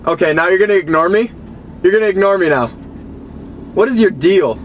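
A young man in a car giving his dog a deadpan, mock-betrayed scolding, as if she were a person. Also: sits high, brisk. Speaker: dog owner. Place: inside a parked car. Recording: noisy car interior.

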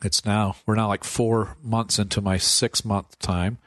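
A man, a priest, telling stories from his life in a relaxed radio interview, laughing often and acting out the voices of people he quotes. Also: on the low side, measured pace, no echo, studio quality. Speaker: priest guest. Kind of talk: casual storytelling interview.

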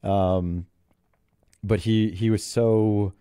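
Chatty golf coach man, dark voice. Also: fairly low pitch, steady tone, very slow, clear, resonant tone, dry recording, studio quality. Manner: chatty, laughs often while telling stories. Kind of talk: interview storytelling.

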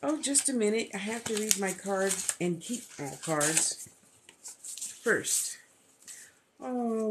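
A woman's voice: a little high, lively intonation, slight background noise. A woman vlogger in casual, gushing chat while opening a gift box. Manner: gushing, thankful, talks slowly.

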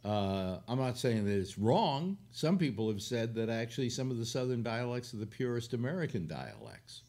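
A man's voice: mid-range voice, very animated, normal speed, a little mellow. An older man from California hosting a casual, rambling chat, full of fillers and restarts. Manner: meandering, many fillers and restarts. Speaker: show host.

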